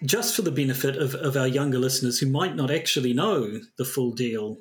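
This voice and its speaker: Male podcast co-host, mid-pitched voice, hesitant and rambling, restarts often. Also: brisk. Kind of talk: casual chat.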